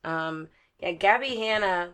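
Bright-voiced woman podcaster, swearing and storytelling. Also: on the low side, unhurried, clean tone. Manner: profane, storytelling, animated. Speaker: podcast co-host. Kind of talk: casual chat.

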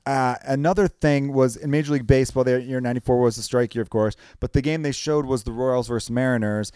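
A man chatting on a podcast with easy, joking energy and plenty of laughter. His voice sits at a middle pitch, recorded close and dry with no room sound. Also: clean tone, dry recording. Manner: animated, jokey, quick to laugh. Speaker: podcast co-host. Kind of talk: casual chat.

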